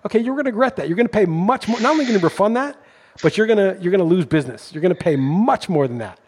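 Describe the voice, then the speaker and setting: A man's voice: high voice, lively intonation, rapid-fire, a little mellow, slightly rough. A middle-aged man hosting a podcast, telling a story in an indignant, ranting way. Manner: indignant, storytelling, rising intensity when ranting. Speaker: podcast host. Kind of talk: casual podcast chat.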